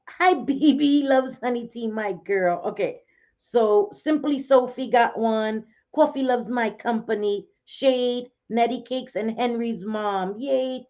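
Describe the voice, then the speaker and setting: A woman's voice: on the high side, a little mellow. A middle-aged woman hosting a casual livestream from home, chatty and laughing often as she talks to viewers by name. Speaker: livestream host. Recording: dull lo-fi stream audio.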